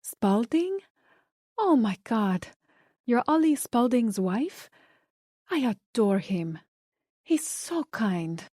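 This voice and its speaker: A woman's voice: fairly high pitch, sing-song, takes it slowly, long pauses, mellow, no room sound, clean studio sound, pitched above the performer's own voice, exaggerated voice. A woman voicing a statuesque, gushing socialite with a Spanish accent. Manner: effusive, breathless admiration.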